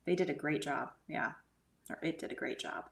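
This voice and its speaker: A middle-aged woman telling a personal spiritual experience in an earnest way, sometimes sinking to a hushed whisper. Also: sits low, moderate pace, gravelly. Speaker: guest medium and energy healer. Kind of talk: conversational storytelling.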